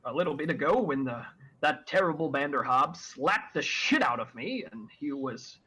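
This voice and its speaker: A man's voice: a little high, animated, moderate pace, bright, forceful tone, husky, full character voice, rough recording. A man doing a fussy, pompous talking crow. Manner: stammering, overly polite and long-winded.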